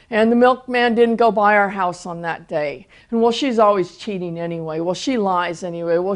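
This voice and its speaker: Older woman, testimony talk, storytelling, stops and restarts, medium pitch. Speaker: Christian teacher.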